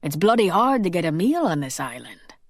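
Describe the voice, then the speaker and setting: A woman voicing a brooding, quick-tempered male Scottish vampire, with curt, clipped retorts in a low voice. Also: very animated, dry recording, studio quality.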